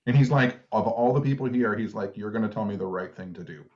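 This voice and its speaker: A man's voice: lowish voice, fast talker, highs cut off. A man co-hosting a podcast, telling stories in laid-back casual chat and laughing at himself. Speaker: podcast co-host.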